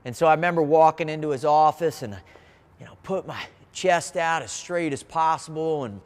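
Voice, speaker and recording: Earnest male storyteller in a reverberant hall. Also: on the high side. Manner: earnest, vivid, with frequent restarts. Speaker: motivational speaker. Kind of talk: personal storytelling.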